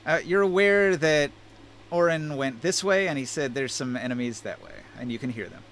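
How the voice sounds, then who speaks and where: A man's voice: a little high, animated, normal speed, a bit bright, slight background noise. A man running a tabletop game over voice chat, narrating in an easygoing, joking way. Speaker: game master.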